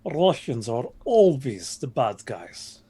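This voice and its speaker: Man, tabletop player, joking, rambling explanations, mid-pitched voice. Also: sing-song, takes it slowly, dark tone, slightly rough. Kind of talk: casual out-of-game chat.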